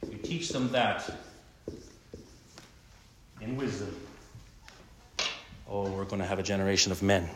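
A middle-aged man preaching a sermon, telling a story and moving between loud bursts and hushed asides. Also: lowish voice, unhurried, long pauses, background noise. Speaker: pastor.

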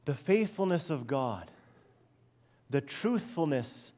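Taking it slowly, a middle-aged pastor delivers an expository sermon with earnest emphasis, frequently letting the ends of phrases drop soft and low.

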